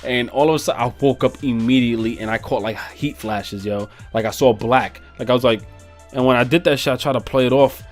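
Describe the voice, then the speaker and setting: New man, storytime vlog, slangy and profane, animated, mid-pitched voice. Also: a little fast, faint music behind. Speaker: vlogger.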